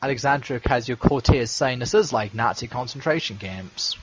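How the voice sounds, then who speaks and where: A man's voice: mid-range voice, brisk. A man co-hosting a podcast in casual chat, joking and contrarian. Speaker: podcast co-host. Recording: dull lo-fi audio with background noise.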